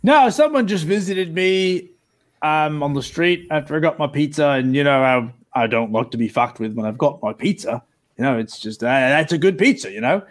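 A player at a tabletop game rambles through a story in an animated way. The man's voice sits a little high. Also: moderate pace.

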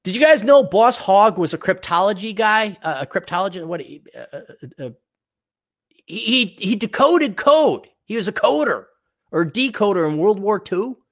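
A man's voice: high-pitched, very animated, normal speed. A man hosting a solo podcast, ranting in a profane, sarcastic way and mocking people he disagrees with. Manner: mock voices for people he ridicules. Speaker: podcast host.

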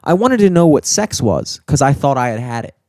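A man's voice: mid-range voice, sing-song, a little fast, dark tone, dry recording, studio quality. A young man in casual chat, rambling and swearing, with lots of filler words.

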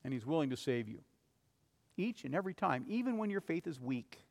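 A man's voice: very animated, fairly quick, creaky. Earnest preacher man in reverberant church. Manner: earnest preaching, rising to urgent cries and dropping to soft, low passages. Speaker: pastor. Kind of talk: sermon.

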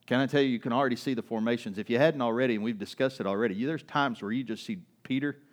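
A man's voice: medium pitch, rapid-fire. A male pastor preaching a sermon in a church, talking casually with fillers and restarts, and raising his voice to act out quoted lines. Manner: conversational, with many fillers and restarts; acts out quoted lines with raised voice.

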